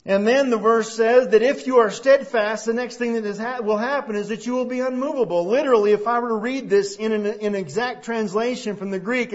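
Man, pastor, sermon, high voice, emphatic preaching, muffled lo-fi sound. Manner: prays softly, then preaches with rising emphasis. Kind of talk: sermon with opening prayer. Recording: dull lo-fi sermon recording.

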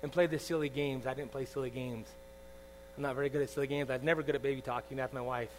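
A man in his forties preaching a sermon, swinging from loud emphatic lines to soft confiding asides, often asking the congregation "all right?". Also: medium pitch, fairly even intonation, rapid-fire, low-quality recording. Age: 40s. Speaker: pastor. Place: church. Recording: faint mains hum.

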